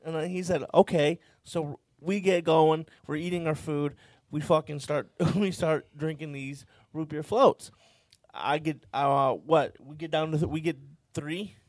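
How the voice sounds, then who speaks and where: High-voiced young man telling a rambling tale. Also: fairly even intonation, measured pace, darkish tone, dry recording, clean studio sound. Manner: rambling, profane, laughing storyteller. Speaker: storyteller. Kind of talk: casual chat.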